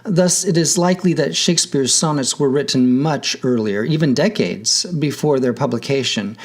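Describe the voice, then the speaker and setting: A man narrating a scripted lesson in a measured, careful way, spelling out example words. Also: medium pitch. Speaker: teacher.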